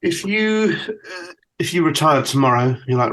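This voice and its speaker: A man in his forties hosting a podcast, asking questions in a thoughtful, halting way. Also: on the high side. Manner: thoughtful, halting, many restarts. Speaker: podcast host. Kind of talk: interviewing, casual chat.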